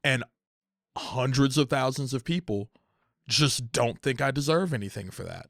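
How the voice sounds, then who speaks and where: A young man in an emotional, profane rant about unpaid creative work, repeating phrases and climbing toward shouting. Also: mid-range voice, normal speed, vocal fry, no echo, clean studio sound. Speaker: content creator.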